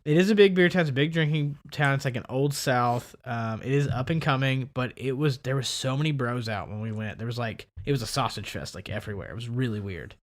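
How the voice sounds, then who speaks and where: A man's voice: a little fast, few pauses. A man co-hosting a podcast, telling a story in casual chat and acting out the people in it. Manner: animated, acts out quoted people with big pitch jumps. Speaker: podcast co-host.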